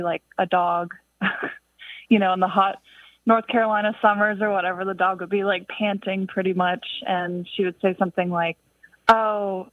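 A woman's voice: fairly low pitch, dry recording. Chatty woman caller on a tinny phone line. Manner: chatty, storytelling, uses filler words. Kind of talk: casual phone call.

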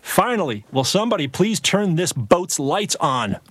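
A man's voice: fairly high pitch, very animated, normal speed, fairly bright tone, husky, no room sound. A man presenting a playful word quiz on a radio show, joking and laughing often.

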